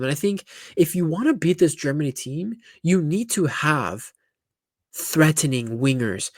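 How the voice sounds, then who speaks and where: A man of middle pitch breaks down football matchups in a loose, opinionated way, often correcting himself mid-sentence. The sound is dry and close, with hardly any room around the voice. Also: no room sound. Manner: chatty and blunt, with frequent restarts and asides. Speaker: football pundit YouTuber. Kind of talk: casual opinionated football analysis.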